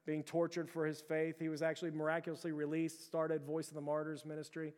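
High-pitched guy preaching a sermon, kinda flat delivery, big echoey hall. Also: fast talker. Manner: earnest preaching, repeated restarts, addresses the church. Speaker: pastor. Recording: long hall reverb.

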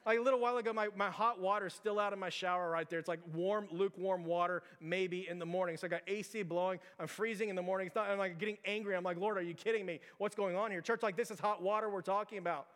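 High-voiced pastor in a reverberant church. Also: male voice, fast talker, few pauses, clear, resonant tone. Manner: conversational, animated, storytelling with lots of "like". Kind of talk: sermon. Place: church sanctuary. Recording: long hall reverb.

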